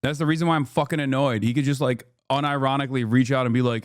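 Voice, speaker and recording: A man's voice: medium pitch, fairly even intonation, fast, dry recording, clean studio sound. A man livestreaming in casual commentary, ranting in a heated, profane and rambling way while he answers his chat. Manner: reads chat messages aloud and answers. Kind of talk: casual reactive stream commentary.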